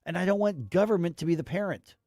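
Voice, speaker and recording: A man's voice: high-pitched, quick pace, dark tone, dry recording, clean studio sound. A man hosting a talk radio show, giving emphatic, rambling opinions with acted quotes.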